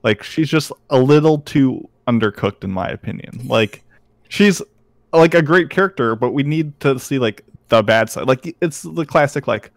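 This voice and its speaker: Young male co-host, mid pitch, dead-dry mic, casual loose delivery. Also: normal speed, vocal fry, no echo. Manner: relaxed, loose, filler-heavy talk. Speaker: podcast co-host. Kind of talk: casual anime review chat.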